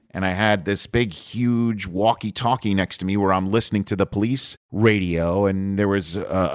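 A man in his fifties from Staten Island hosting a podcast, telling a story in a relaxed, rambling way with small restarts. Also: deep voice, no echo, clean studio sound. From Staten Island, New York. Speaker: podcast host.

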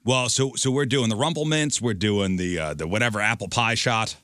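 A man's voice: on the low side, fairly quick, fairly bright tone, no room sound, clean studio sound. A man hosting a show, telling a rambling story in casual chat. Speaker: radio show host.

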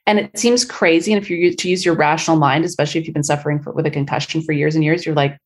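A woman's voice: sits low, rapid-fire, hardly any pauses. A middle-aged woman from Canada, a guest telling stories in a casual interview, chatty and full of fillers. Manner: chatty, filler-heavy storytelling.

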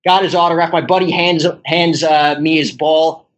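A young man rambles through a story in casual chat, his speech peppered with "like". His voice sits a little high, and he laughs as he talks. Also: steady tone, moderate pace, poor audio. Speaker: podcast guest.

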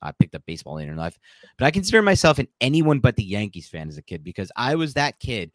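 A man hosting a casual sports talk show, opinionated and animated, laughing now and then mid-sentence. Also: medium pitch, quick pace, no echo. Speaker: sports podcast host.

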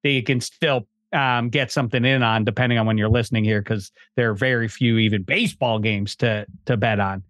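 A man's voice: mid-range voice, fairly quick, few pauses, no echo. A man in his fifties co-hosting a casual sports betting podcast, joking and teasing his co-hosts. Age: 50s. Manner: animated, teasing banter. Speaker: podcast co-host.

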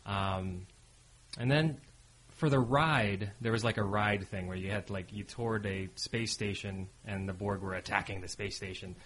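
A man with a lowish voice talks as a guest comedian in a casual interview. He hesitates, fills gaps with ums and uhs and laughs softly now and then. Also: a little slow, breathy edge, rough recording. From Las Vegas, USA.

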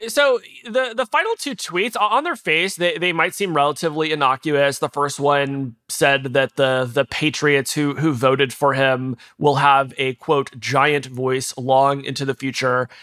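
A man, a tech journalist, explaining events in a measured way as an interview guest. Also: mid-range voice, fairly even intonation, bright, forceful tone.

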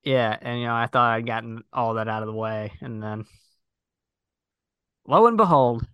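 Bright, smooth-voiced podcast guy. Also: mid-range voice, normal speed, no echo. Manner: enthusiastic, stammering restarts and jokey asides. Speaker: podcast co-host. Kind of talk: casual conversational film review.

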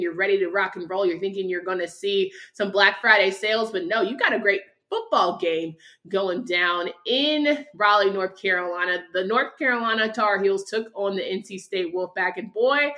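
Woman, sports podcast host, bright sharp voice, blunt opinions. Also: medium pitch. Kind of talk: casual sports podcast chat.

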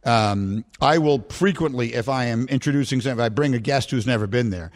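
Speaking at a quick pace in a mid-range voice, this sports radio host tells stories over a studio mic. His banter is casual and animated, and he frequently breaks into laughter at his own jokes.

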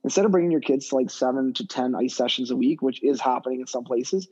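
A fast-talking man rattles on in a loose, rambling way, piling up fillers and restarts as he makes his point. His voice is dark and a bit husky, and it comes through a dull, lo-fi remote recording. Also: mid-range voice. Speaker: guest skill development coach. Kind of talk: casual podcast conversation.

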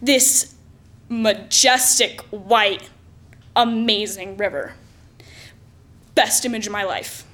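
A woman telling a personal story aloud in a lively, self-mocking way with lots of exaggeration. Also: medium pitch, slow, long pauses.

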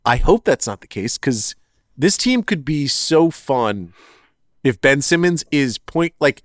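A man co-hosting a podcast, chatting casually in a rambling, animated way and often correcting himself mid-sentence. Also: a little high, takes it slowly, no room sound, clean studio sound. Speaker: podcast co-host. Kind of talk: casual sports chat.

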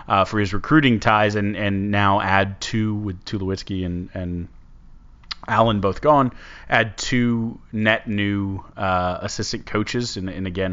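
A man with a fairly low voice hosts a casual sports talk show. His delivery rambles and halts as he works through his thoughts. The recording sounds dull and lo-fi. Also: a bit bright, smooth. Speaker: sports podcast host.

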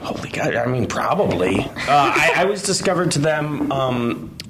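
A man's voice: medium pitch, very animated, normal speed, noisy background. A man co-hosting a podcast, chatting loosely with self-deprecating, rambling asides. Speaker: podcast co-host, website editor. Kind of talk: casual news chat.

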